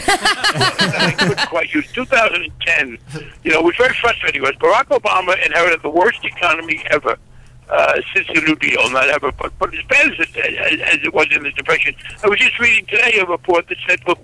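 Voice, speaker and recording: A man's voice: high-pitched, sharp tone, dry recording, low-quality recording. A man in his seventies, a congressman being interviewed over the phone, blunt and wry, with emphatic restarts. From United States.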